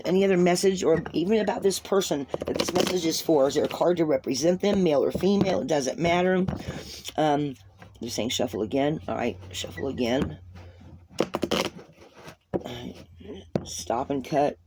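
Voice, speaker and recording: A woman's voice: lowish voice, fairly quick, background noise. A woman doing a tarot reading for viewers, talking in an earnest, rambling way and often repeating herself. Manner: earnest, repetitive, rambling, addresses viewers as guys. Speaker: tarot card reader.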